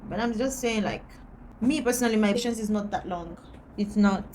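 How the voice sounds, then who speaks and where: A woman's voice: medium pitch, a little fast, a little mellow, slight background noise. Fields: Sex: woman. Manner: blunt, emphatic rant. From Antigua. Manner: blunt, emphatic, repeats points for stress. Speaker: vlogger. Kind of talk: candid rant to camera.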